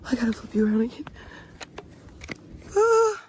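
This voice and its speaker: A woman's voice: lowish voice, moderate pace, darkish tone, a little hiss or hum. A woman filming herself in snowy woods at night on a handheld phone, frightened and often whispering. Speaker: live streamer. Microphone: handheld phone camera.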